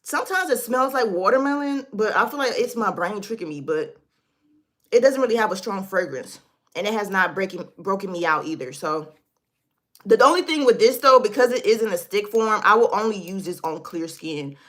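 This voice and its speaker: A woman's voice: mid-range voice, animated, moderate pace. A woman hosting a casual beauty livestream from her desk, chatting loosely and talking straight to her viewers while reading their comments.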